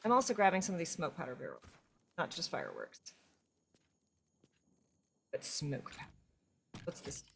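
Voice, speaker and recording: A woman's voice: low voice, moderate pace, gravelly, pauses often, slight background noise. A woman with a Southern US accent chatting casually while streaming a co-op game. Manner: chatty, rambling, animated storyteller. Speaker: streamer playing co-op. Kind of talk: casual gaming chat.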